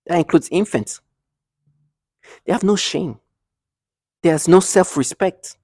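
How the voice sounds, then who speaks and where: A man's voice: high voice, slow pace, a little mellow, no room sound, studio quality. A man talking agitatedly to the camera in a rambling monologue, full of restarts and bitter laughs, sometimes dropping to a near whisper. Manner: drops to a near whisper at times. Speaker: vlogger.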